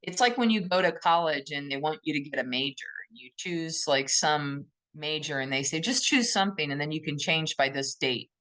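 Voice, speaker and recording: Low-voiced woman musing on a podcast. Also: moderate pace, few pauses. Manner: thoughtful, gently emphatic, often poses questions to herself. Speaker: podcast co-host. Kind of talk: reflective conversational podcast talk.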